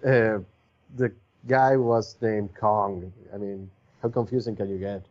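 A man's voice: on the low side, steady tone, a little slow. A man co-hosting a podcast, talking casually with many hesitations and restarts. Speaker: podcast co-host. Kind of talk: casual chat. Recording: dull lo-fi audio.

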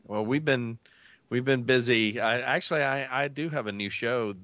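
A man's voice: mid-range voice, moderate pace, fairly bright tone, no room sound, muffled recording. A man guest on a podcast, a voice actor, chatting casually and rambling a little with many self-deprecating restarts. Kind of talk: casual chat.

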